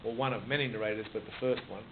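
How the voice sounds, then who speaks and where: Low-ish and steady, the voice of a sixty-something Australian author comes rapid-fire as he discusses his writing in a casual interview, full of restarts and repeated words. Audio is muffled and phone-like with noise.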